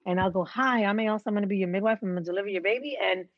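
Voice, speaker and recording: A woman's voice: mid-range voice, racing, dry recording. Earnest woman on a dull line. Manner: earnest, heartfelt storytelling. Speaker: midwife. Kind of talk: casual interview talk.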